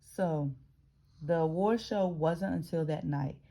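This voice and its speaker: A woman's voice: deep voice, slow, gravelly, mellow. A woman from the American South reading a memoir aloud and breaking off into chatty asides, restarting words as she goes. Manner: frequent restarts and self-corrections while reading. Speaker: reader.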